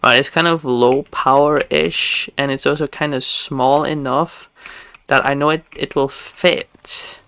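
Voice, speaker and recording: A game streamer chatting casually while playing live, talking in a halting, stammering way with many restarts. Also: mid-range voice, fairly even intonation, sharp tone, a little hiss or hum.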